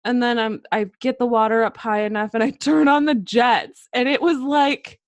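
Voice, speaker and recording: A woman's voice: on the high side, steady tone, normal speed, no room sound. Young woman telling laughing stories. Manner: laughing, profane storytelling. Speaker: podcast co-host. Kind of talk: casual chat.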